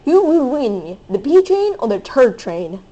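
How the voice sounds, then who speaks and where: A woman giving excitable, hyper commentary over her own gameplay, squealing and playful. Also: on the high side, unhurried, highs cut off. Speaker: gaming video host.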